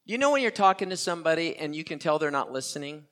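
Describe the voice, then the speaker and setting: A man's voice: fairly high pitch, lively intonation, fast, fairly bright tone. An older man preaching a sermon as pastor, earnest and repeating key phrases for emphasis.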